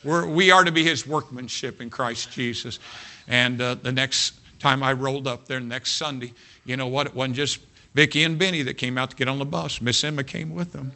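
A man preaching a sermon built around a personal story, folksy, full of "you know what", swinging between hushed and loud. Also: mid-range voice, steady tone, moderate pace.

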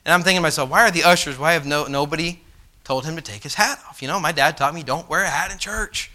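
A middle-aged man preaching a sermon, telling a personal story with animated swings from soft to loud, passionate outbursts. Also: a little high, fast talker. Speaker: pastor.

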